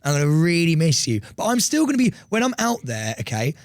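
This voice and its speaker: A man co-hosting a podcast, excitable and quick to laugh in casual banter. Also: dry recording. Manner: excitable, giggly, jumps high in pitch. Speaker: podcast co-host.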